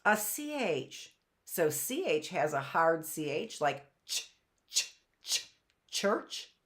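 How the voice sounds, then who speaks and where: A middle-aged woman teaching a live online phonics lesson, patiently asking questions and slowly sounding words out. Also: deep voice, very animated.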